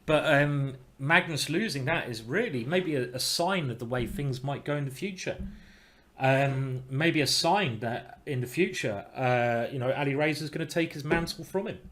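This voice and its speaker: A man giving casual live-stream chess commentary, thinking aloud with restarts and breaking into excited exclamations. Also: mid-range voice, moderate pace. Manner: bursts into excited exclamations at good moves.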